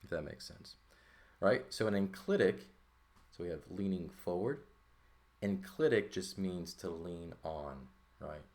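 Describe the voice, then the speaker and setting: Male Greek tutor with a deep, low voice, relaxed walkthrough style, keeps asking "right?". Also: a little slow. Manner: explains terms with frequent "right?" check-ins and fillers. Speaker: Greek language teacher. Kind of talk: casual textbook lesson walkthrough.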